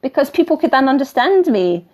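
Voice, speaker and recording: A middle-aged woman with a softened Scottish accent, talking casually on a live stream as a spiritual teacher, wandering off topic and laughing now and then as she coaches viewers. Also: sits high, sing-song, a little fast. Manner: chatty and digressive, laughing often, coaching tone. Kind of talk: live-stream talk, reading viewer comments.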